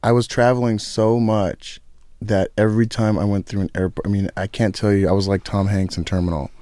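Deep-voiced halting male comic. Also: steady tone, warm tone, a little hiss or hum. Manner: halting, wry storytelling. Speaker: comedian guest. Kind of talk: radio interview.

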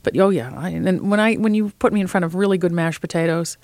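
A woman food writer as an interview guest, telling lively, opinionated stories in casual conversation. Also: on the low side, quick pace, no echo.

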